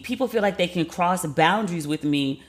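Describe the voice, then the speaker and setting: A woman podcast host telling a story in a candid, casual way, swearing freely and acting out what people said with sharp jumps in pitch. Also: moderate pace. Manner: candid and profane, acts out quotes with lively jumps in pitch.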